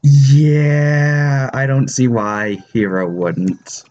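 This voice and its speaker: Man, tabletop player, slow deliberate speech, tallies rolls aloud, faint background hiss. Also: mid-range voice, steady tone, darkish tone, muffled recording. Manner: slow, counting dice aloud. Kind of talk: tabletop game chat.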